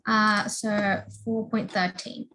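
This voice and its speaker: A woman's voice: mid-range voice, level tone, takes it slowly, sharp tone, low-quality recording. Tentative woman student with faint hiss. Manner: casual, tentative, many fillers. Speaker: student in a class. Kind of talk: summarizing in class discussion.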